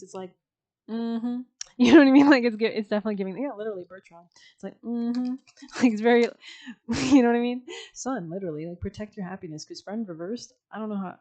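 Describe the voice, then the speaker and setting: A woman's voice: medium pitch, warm tone, lo-fi sound. A woman giving a casual, chatty tarot reading, full of slang and filler words and breaking into frequent laughs. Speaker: tarot reader.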